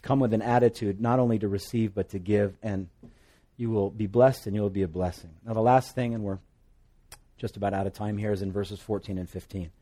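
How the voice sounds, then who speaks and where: A man from Hawaii with a Hawaiian accent, preaching a sermon with jokes and swings between loud and soft. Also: brisk. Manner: animated, joking asides, pitch and volume swing widely. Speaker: pastor.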